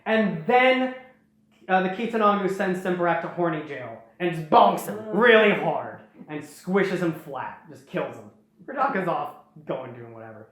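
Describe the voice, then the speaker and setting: A woman's voice: lowish voice, lively intonation, moderate pace. A woman host casually retelling a story in a rambling, jokey way with many fillers and restarts. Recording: very echoey room.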